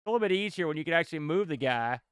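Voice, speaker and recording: A man streaming retro games live, reacting loudly with yelps, groans and frequent laughter as he plays. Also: a little high, very fast, smooth, no echo, clean studio sound. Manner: excitable, yelps and groans at the game, laughs often. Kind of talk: excitable live gameplay commentary.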